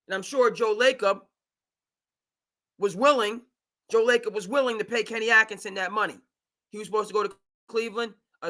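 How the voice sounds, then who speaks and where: Bright-voiced, emphatic sports talk host man. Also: sits high. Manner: animated, emphatic, mimics owners in asides. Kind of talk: live sports talk stream.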